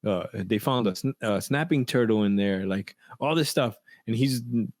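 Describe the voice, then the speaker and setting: A low-pitched man chats on a podcast, reflective and easygoing, breaking into laughs and starting sentences over. His voice is close on the mic and dry, with no room sound around it. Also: moderate pace, a little mellow, no room sound. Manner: reflective, laughs often, many restarts. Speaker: podcast co-host. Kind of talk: casual podcast chat.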